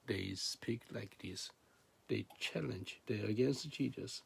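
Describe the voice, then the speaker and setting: A man preaching a sermon in broken, non-native English, swinging between loud emphatic peaks and low hushed asides. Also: slow, gravelly, husky.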